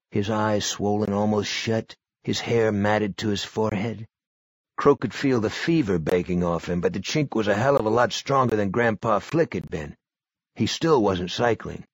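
A man giving a measured, expressive audiobook narration. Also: on the low side, husky, dry recording.

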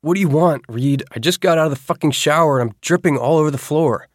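A man voicing an impatient, blunt teenage boy in an audiobook, teasing and quick to swear. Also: medium pitch, no echo, clean studio sound, voice pushed up, lightly acted. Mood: irritated.

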